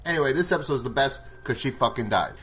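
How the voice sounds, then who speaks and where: A man's voice: medium pitch, lively intonation, fast, fairly bright tone, slight background noise. Blunt, profane man recapping a show. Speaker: show reviewer. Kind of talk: casual episode recap.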